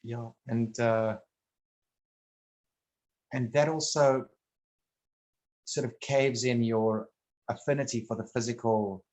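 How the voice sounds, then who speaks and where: A man's voice: mid-range voice, fairly even intonation, a little mellow, muffled recording. Rambling man in casual talk. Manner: rambling, halting, with frequent restarts and blunt swearing.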